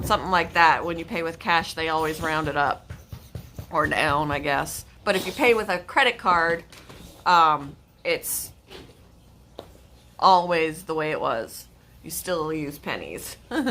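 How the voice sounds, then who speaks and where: A woman's voice: lowish voice, sharp tone, slight background noise. A woman from Michigan hosting a casual livestream chat from home, rambling and laughing often. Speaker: livestream host. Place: home, with her dog.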